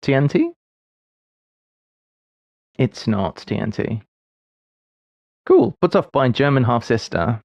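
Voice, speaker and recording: A man's voice: medium pitch, huge pitch swings, takes it slowly, creaky, pauses often, darkish tone, no room sound, highs cut off. A man in his forties streaming live, muttering half-finished thoughts and chuckling at his own mistakes as he works through puzzles. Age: 40s. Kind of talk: thinking aloud while solving puzzles on a live stream.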